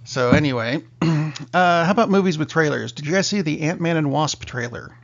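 A middle-aged man hosts a relaxed podcast conversation with a gravelly, fry-tinged voice. He talks slowly and wryly as he steers toward the next topic. The recording sounds a little dull and lo-fi. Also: a little high. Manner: slow, wry, leads the topics. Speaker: podcast host. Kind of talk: casual chat.

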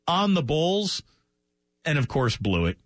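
A man hosting a sports radio show, running through scores in a brisk, joking, chatty way and taking calls in a studio. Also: on the high side, sing-song, no room sound.

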